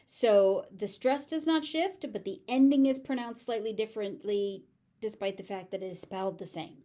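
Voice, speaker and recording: An American woman teaching pronunciation, saying each word slowly and clearly several times and then explaining it. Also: medium pitch, dark tone. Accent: General American. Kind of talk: slow, careful pronunciation lesson.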